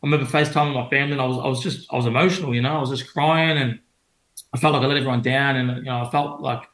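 A man's voice: medium pitch, steady tone, very fast, a bit bright. A young Australian man, a boxer, telling stories in a loose, rambling way full of fillers and restarts. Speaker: professional boxer guest. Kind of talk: casual interview storytelling. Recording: roomy echo.

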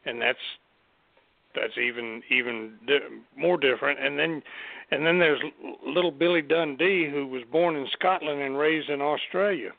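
A man's voice: on the high side, steady tone, normal speed, vocal fry, no echo. A man co-hosting a casual chat show, rambling with frequent restarts and easy laughs. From Southern United States. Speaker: co-host. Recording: tinny phone line.

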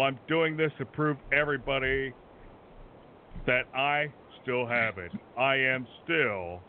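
A man in character as a brash wrestler, bragging and rambling, stretching his words for effect. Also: medium pitch. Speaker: wrestler persona on a talk show. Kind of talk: in-character wrestling promo chat. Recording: tinny phone-like line, faint noise.

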